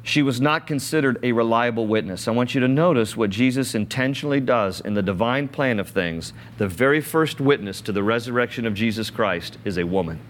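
A man's voice: mid-range voice, fairly quick, few pauses. A man preaching a sermon, reading scripture aloud and explaining it in an earnest, conversational way. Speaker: pastor.

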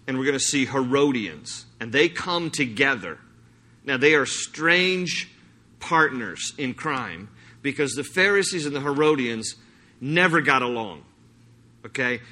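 Bright-voiced man preaching a sermon. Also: medium pitch. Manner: explanatory preaching with animated reading of scripture. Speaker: pastor.

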